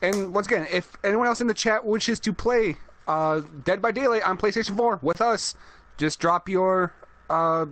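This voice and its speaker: A man's voice: sits high, moderate pace, fairly bright tone, dry recording. A man co-hosting a live stream, chatting casually while gaming in a laid-back way. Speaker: stream co-host.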